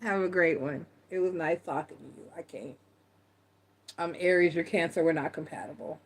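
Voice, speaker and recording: A middle-aged woman hosting a live tarot stream, chatting casually and telling stories in a blunt, animated way. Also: fairly low pitch, moderate pace. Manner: animated storytelling, blunt and laughing. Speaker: tarot reader host.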